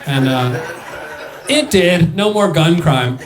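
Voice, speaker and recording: On a comedy club stage, a young man does a stand-up set with crowd work, his fairly high voice animated yet slow. The room is reverberant, and his delivery stays loose and chatty, with laughter breaking through the punchlines.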